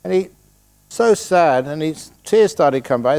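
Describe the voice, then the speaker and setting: Fairly high-pitched yet gravelly, this older English man's voice is expressive, a little mellow and clean, moving at a measured pace. Teaching meditation in a retreat's meditation hall, the Buddhist teacher answers questions with humor, stories and acted-out voices.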